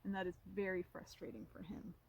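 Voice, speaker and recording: A woman reading a picture book aloud to children, pausing to ask them questions in an animated way. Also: mid-range voice, no room sound. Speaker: storytime reader.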